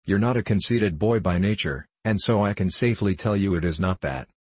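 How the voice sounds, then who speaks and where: A man reading the lines of a proud, aloof young woman in a storybook, in a cool, gently reproving manner. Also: low-pitched, fairly quick, slightly rough, no room sound.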